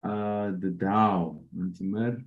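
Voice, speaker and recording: A man coaching a live online trading room, often pausing to ask whether his listeners are following. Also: fairly low pitch, fairly even intonation, phone-quality sound. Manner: keeps checking in with listeners. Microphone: video call.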